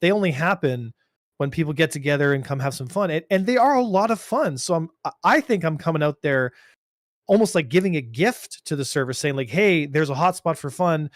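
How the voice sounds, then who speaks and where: A man co-hosting a casual gaming podcast, telling stories in an animated, rambling way with many restarts. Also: fairly high pitch, fairly quick, dry recording, studio quality. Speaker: podcast co-host.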